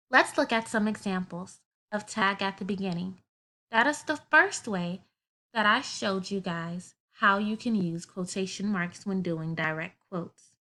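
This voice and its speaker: A woman's voice: medium pitch, pushed and bright. A woman teaching a grammar lesson to children, explaining patiently step by step with everyday examples.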